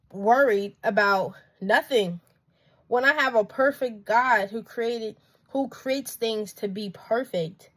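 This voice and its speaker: An earnest young woman talks through her faith in a casual vlog. Her sentences run on loosely and she speaks with plain emotion, at an ordinary pitch for a woman. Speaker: vlogger.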